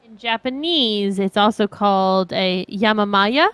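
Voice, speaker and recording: A woman's voice: mid-range voice, unhurried, fairly bright tone, clear, resonant tone, no echo. A woman co-hosting a live game stream, chatting casually, joking crudely and sharing trivia.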